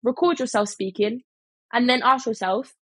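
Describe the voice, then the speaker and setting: Young girl telling a story, loads of fillers, kinda breathy, dry sound. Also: fairly high pitch, normal speed, fairly bright tone, dry recording, rough recording. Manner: chatty, full of fillers, mimics others in quotes. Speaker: vlogger. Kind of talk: casual storytime chat.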